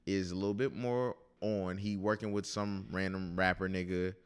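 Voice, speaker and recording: A man co-hosting a casual chat, slangy and animated, often acting out quotes. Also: sits low, normal speed, smooth. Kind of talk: casual chat about a TV show.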